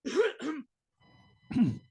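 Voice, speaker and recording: A man giving ranting religious commentary on clips, animated and mocking, with many fillers. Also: very high voice, extremely slow, vocal fry, no echo, poor audio.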